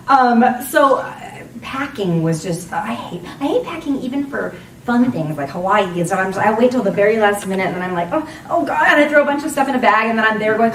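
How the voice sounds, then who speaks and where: A woman in her forties, a voice actress on a convention panel, talking in a chatty, rambling way and laughing often. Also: medium pitch. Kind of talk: casual panel Q&A. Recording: roomy hall, distant from mic, faint noise.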